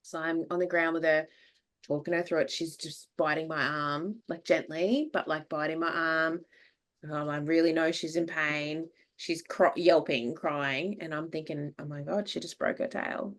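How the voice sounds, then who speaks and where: An Australian woman hosts a podcast in a relaxed, chatty way, her voice sitting a little low. She tells stories with energy, acts out other people's words and laughs easily. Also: a little slow. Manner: lively anecdotes, acts out what people said, laughs often. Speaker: podcast host. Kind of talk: casual chat, animated storytelling.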